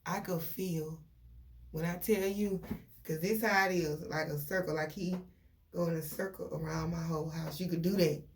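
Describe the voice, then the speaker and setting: A young woman, venting to her viewers in a casual, animated story full of quoted dialogue. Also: on the low side, normal speed, slight background noise. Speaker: vlogger.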